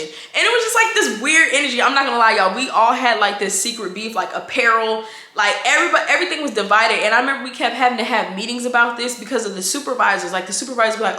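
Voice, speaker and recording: A woman in her twenties telling a casual storytime vlog, blunt and slangy, animated as she quotes her coworkers in quick asides. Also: fairly high pitch, roomy sound. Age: 20s. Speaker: vlogger.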